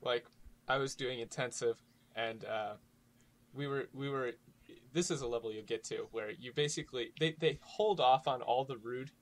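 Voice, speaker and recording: A man's voice: mid-range voice, normal speed. A young man chatting casually as a podcast guest, joking and sardonic, often laughing. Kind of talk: casual comedic chat.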